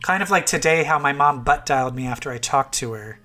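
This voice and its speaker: A man co-hosting a casual podcast, chatty and quick to laugh, stretching words for emphasis. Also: mid-range voice, sharp tone. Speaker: podcast co-host. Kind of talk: casual chat.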